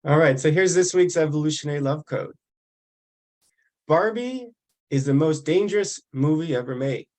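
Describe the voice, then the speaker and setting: A man reading a prepared text aloud over a video call, measured and deliberate with pauses. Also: on the high side. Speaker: reader of the weekly code.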